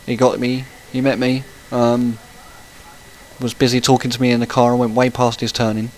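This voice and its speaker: A man's voice: mid-range voice, level tone, moderate pace, a little hiss or hum, rough recording. Rambling man chatting while gaming. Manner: rambling and chatty, breaking off to react to the game. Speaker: gaming channel host. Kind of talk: casual let's-play commentary.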